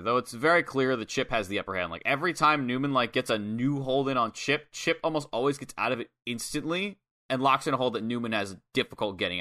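A man's voice: medium pitch, bright, forceful tone. A young man co-hosting a podcast, recapping a wrestling match play by play in casual chat and swearing freely. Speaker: podcast co-host.

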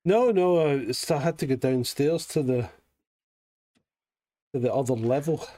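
A man's voice: medium pitch, measured pace, dark tone, no room sound. A man co-hosting a casual live stream chat, joking in an offhand way. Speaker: co-host.

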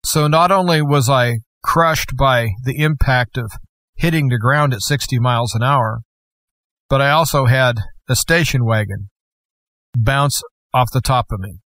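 A man as guest host, slowly and earnestly telling a personal story. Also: medium pitch, fairly bright tone, dry recording. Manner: earnest, slow and measured storytelling. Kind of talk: personal testimony.

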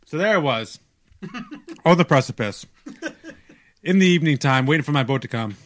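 A young man casually telling a long story on a podcast, animated and self-mocking, stumbling over restarts. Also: fairly high pitch, moderate pace.

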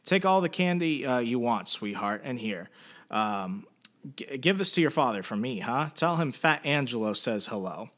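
A man's voice: medium pitch, sing-song, moderate pace, a bit bright. A man voicing an oily, overly friendly male mobster shopkeeper who fawns over a child. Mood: fawning.

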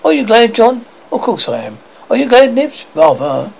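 A man's voice: high voice, big pitch swings, moderate pace, vocal fry, slight background noise, full character voice, low-quality recording. A man doing a motherly young girl storyteller.

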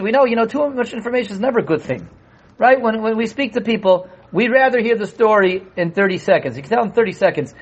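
A man teaching a Torah class to a live group, animated, asking rhetorical questions and acting out voices. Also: high-pitched, breathy edge. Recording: dull lo-fi room recording.

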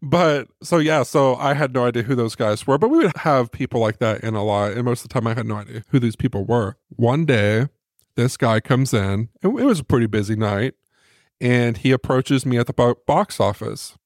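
A podcast co-host tells a rambling, casual anecdote, acting out what the people in it said. His voice is mid-range and his speed normal, recorded dry with clean studio sound.

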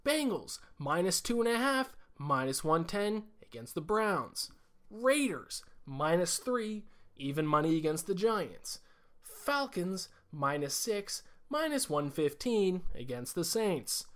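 A man putting on an old-school male radio sports announcer voice, drawing out each word in a slow, exaggerated broadcast style. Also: high-pitched, sing-song, a bit bright, heavily acted. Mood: hammy.

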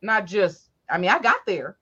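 Woman, casual storytelling chat, profane, animated, muffled audio. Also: medium pitch, normal speed, breathy edge. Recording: dull lo-fi audio.

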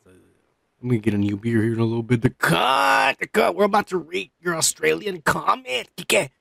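A podcast host, a man who is high, rambling loosely in casual chat and swearing a lot. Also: lively intonation, unhurried, gravelly, pauses often, fairly bright tone. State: high on cannabis.

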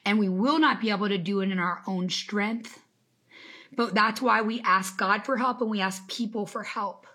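A woman's voice: mid-range voice, moderate pace, sharp tone. A woman in her thirties, a business coach giving an emphatic, faith-infused motivational talk on a live stream and greeting viewers by name. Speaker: business coach and podcast host.

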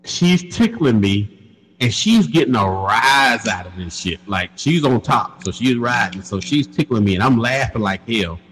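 A man telling a crude story in casual chat on a podcast, animated and laughing along. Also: mid-range voice, moderate pace, long reverb tail, poor audio. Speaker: podcast co-host.

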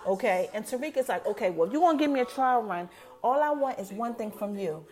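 A woman's voice: on the high side, animated, fast, a little mellow. A woman hosting a podcast, animatedly recapping a TV episode in casual chat, quoting the characters and talking straight to her listeners. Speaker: podcast host.

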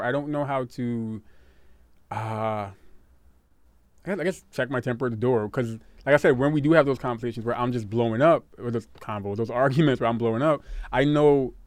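Man, casual couple chat, mid-pitched, rambling and repetitive, dry sound. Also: fairly quick, a little mellow, no room sound. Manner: rambling, repeats words, laughs often.

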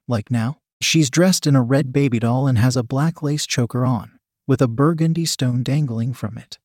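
A man reading a story aloud in steady, even narration. His voice sits in the middle range, with no room sound around it. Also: mid-range voice, no echo, studio quality. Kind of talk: scripted narration.

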